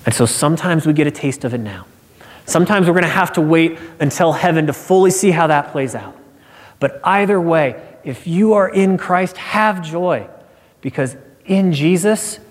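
A man preaching a sermon in an earnest voice, moving from hushed, quiet lines to emphatic repeated phrases. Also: on the high side. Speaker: pastor. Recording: long reverb of a large hall.

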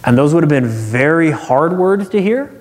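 A man preaching a sermon, earnest and expressive, acting out quotes as he tells a personal story. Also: a little high, normal speed. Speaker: pastor. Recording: long hall reverb.

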